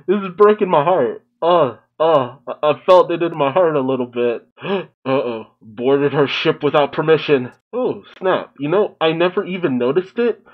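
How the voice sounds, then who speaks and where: A man's voice: fairly high pitch, moderate pace, hardly any pauses, lo-fi sound. A man giving casual, emotional reaction commentary on a cartoon episode, often exclaiming and laughing. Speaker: reaction video host.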